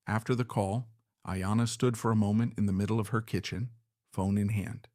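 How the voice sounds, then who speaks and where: A man reading scripted story narration in a steady, reflective way. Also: fairly low pitch, normal speed, no room sound, clean studio sound.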